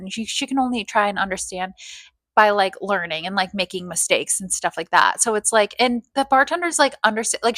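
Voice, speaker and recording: A woman's voice: medium pitch, fairly bright tone, no echo. A woman casually telling a story, rambling with constant fillers and swearing. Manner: rambling, heavy filler "like", profane.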